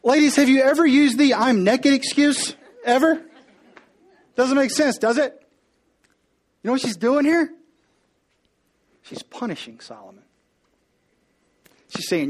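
A man preaching a sermon with humor, telling the story playfully and acting out the characters in quick voices while speaking to the congregation. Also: very high voice, expressive. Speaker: pastor.

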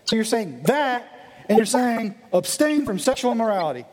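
A male pastor giving an animated sermon, acting out the voices of his listeners. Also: very high voice, normal speed. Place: church meeting in a gym. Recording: echoey hall.

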